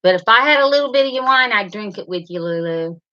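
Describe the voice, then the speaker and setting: A middle-aged woman hosts a livestream, talking fast and animatedly at medium pitch. She chats and rambles while reading comments and addressing viewers by name, over slightly dull lo-fi sound.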